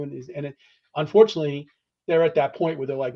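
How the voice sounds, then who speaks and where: A podcast guest talking about fraternity membership answers earnestly and conversationally, often restarting phrases, acting out phone calls, and tagging points with "all right?". He talks fast in a voice on the high side with fairly even intonation, and the audio is dull.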